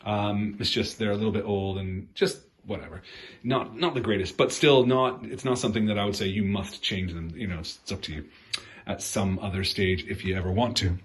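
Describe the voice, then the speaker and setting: A man's voice: lowish voice, fairly even intonation, brisk. A middle-aged man casually walking through a guitar repair he did, rambling and correcting himself with lots of fillers.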